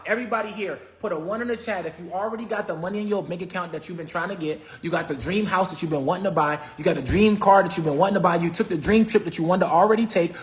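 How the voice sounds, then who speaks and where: Emphatic high-voiced Philly coach. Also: male voice. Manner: emphatic, repetitive, preachy. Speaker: real estate coach. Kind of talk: motivational livestream talk.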